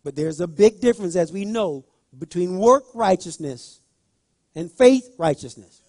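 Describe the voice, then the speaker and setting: A male preacher delivering a sermon, repeating phrases and rising into loud emphatic bursts as he speaks straight to the congregation. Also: sits high, expressive, unhurried, dry recording, studio quality. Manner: talks directly to the congregation.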